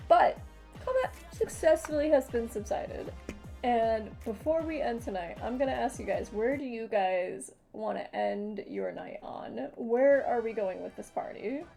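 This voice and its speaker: A woman's voice: a little high, animated, unhurried, creaky, warm tone. A young woman running a tabletop game as game master, casual and loose, with many fillers. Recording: faint music behind.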